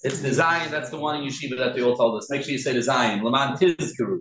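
Man, mid pitch, earnest teacher, drills pronunciation word by word; roomy echo. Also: background noise. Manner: earnest, repeats words slowly to correct them. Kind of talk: informal class talk. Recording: echoey room.

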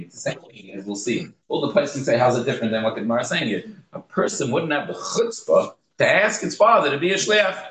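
A man teaching a Talmud class in a lively manner, explaining passages and acting out examples. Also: medium pitch, a little hiss or hum. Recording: echoey room.

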